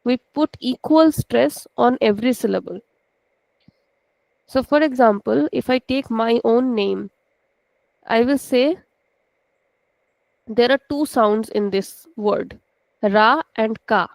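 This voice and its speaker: Indian woman teaching a class on a video call, kinda high and gravelly voice, dry sound, keeps asking if it's clear. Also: slow pace, long pauses, darkish tone, no echo, low-quality recording. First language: Hindi. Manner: patient, checks in often with students. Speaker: language teacher. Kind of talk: online class lecture.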